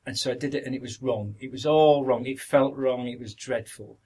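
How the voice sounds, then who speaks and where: A man's voice: medium pitch, brisk, warm tone, husky, low-quality recording. An older man with a Yorkshire accent, an actor telling stories in an interview, rambling and repeating words, sometimes acting out what others said. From Yorkshire, northern England. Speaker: actor, podcast guest. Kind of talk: anecdotal interview reminiscence.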